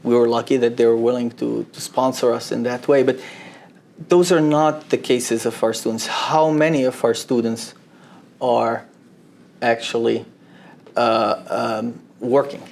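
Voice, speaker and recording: Earnest man, mid-pitched, halting. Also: fairly even intonation, vocal fry, darkish tone. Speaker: college administrator. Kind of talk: casual discussion.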